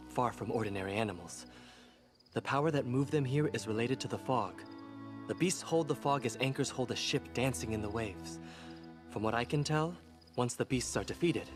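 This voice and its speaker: A man's voice: mid-range voice, moderate pace, music in the background, lightly acted. An actor playing an earnest male priest of a sun goddess in a game, speaking in a formal, courteous way. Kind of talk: game character dialogue.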